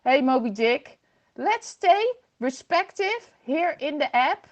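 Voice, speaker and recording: A woman's voice: high voice, animated, slow pace, muffled recording. A woman hosting a casual livestream from home on her computer, reading viewer comments aloud and laughing often. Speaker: livestream host. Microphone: computer microphone.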